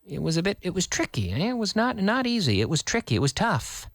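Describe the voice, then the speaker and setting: A man's voice: sits high, huge pitch swings, fairly quick, fairly bright tone, no echo, clean studio sound. A man teaching a live online English lesson, explaining with repeated example sentences, glossing words in Spanish and answering viewer comments.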